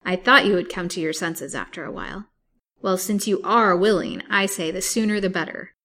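A woman voicing a blustering, scornful old man who scolds loudly and is a coward at heart. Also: mid-range voice, moderate pace. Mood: eager. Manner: loud, scolding, contemptuous.

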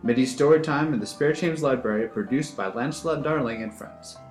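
A man's voice: mid-range voice, brisk. Man announcing over faint music. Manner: plain, informative. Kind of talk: scripted outro announcement. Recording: roomy with music underneath.

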